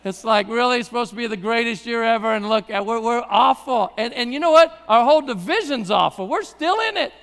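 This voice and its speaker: A man's voice: extremely high pitch, fairly quick, hardly any pauses, fairly bright tone. A middle-aged man, a pastor, preaching a sermon in a conversational, joking way that builds to emphatic passages. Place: church service hall. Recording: live sermon with long hall reverb.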